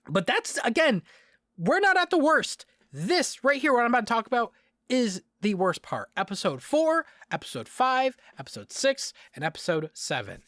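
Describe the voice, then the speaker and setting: A man's voice: sits high, no room sound. A man giving casual review commentary, exasperated and ranting, swearing freely and often repeating and restarting his words. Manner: animated, frequent restarts and repetitions. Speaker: video reviewer.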